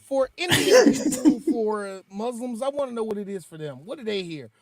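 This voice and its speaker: A man co-hosting a casual podcast chat, telling animated jokey stories and slipping into other people's voices. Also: high voice, moderate pace, crowd noise. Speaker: podcast co-host.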